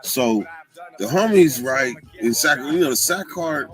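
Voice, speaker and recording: Animated man telling stories. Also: unhurried, low-quality recording. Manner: profane, animated, acts out others' voices in a high pitch. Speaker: vlogger, former prisoner. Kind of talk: casual storytelling vlog.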